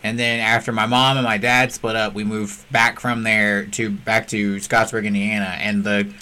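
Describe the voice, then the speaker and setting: Bright-voiced chatty male podcast host. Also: lowish voice, little pitch movement, clear, resonant tone. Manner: chatty, quick interjecting. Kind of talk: casual podcast chat.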